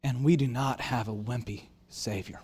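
A man preaching a sermon as a pastor, telling stories with animated acted-out dialogue and self-deprecating humor. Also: mid-range voice, moderate pace, slightly rough. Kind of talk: storytelling sermon. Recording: long hall reverb.

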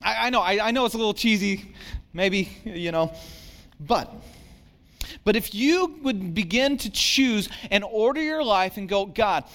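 A man's voice: high-pitched, lively intonation, measured pace, a bit bright. A man, a pastor, giving a conversational sermon, self-deprecating and acting out the voices of worried people.

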